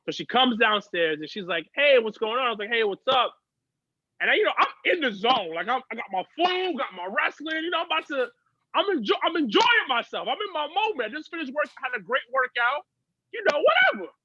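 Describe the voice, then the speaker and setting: Bright, high-voiced male podcast guest. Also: big pitch swings, fast, slightly rough, no echo, highs cut off. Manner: chatty, profane storyteller. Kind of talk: casual chat.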